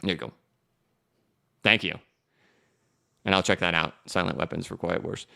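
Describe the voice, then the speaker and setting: A man's voice: low voice, normal speed, gravelly, bright, forceful tone. A man in his thirties hosting a casual live stream, chatty and joking as he reads viewer comments and walks through charts. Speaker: crypto livestream host.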